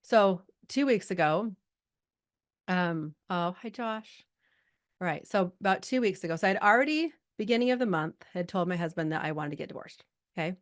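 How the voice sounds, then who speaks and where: A middle-aged woman coaching a group over a video call, chatty and lively, holding back tears at times. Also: fairly low pitch, normal speed. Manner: chatty, lively, talks to the chat audience. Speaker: life coach hosting a live group call. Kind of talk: casual coaching talk.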